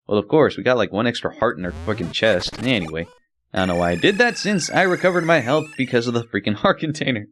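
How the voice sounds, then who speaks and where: A man's voice: medium pitch, big pitch swings, fast, fairly bright tone, rough recording. A young man giving casual, profane gameplay commentary with laughing asides. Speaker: let's play commentator. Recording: game music under the voice.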